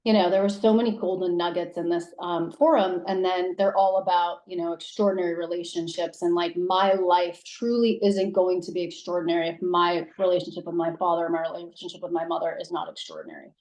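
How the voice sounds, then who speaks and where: A woman in her thirties, a guest telling personal stories in casual conversation, acting out quotes with big jumps in pitch. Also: brisk, few pauses, a little mellow. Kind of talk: casual interview storytelling. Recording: roomy echo.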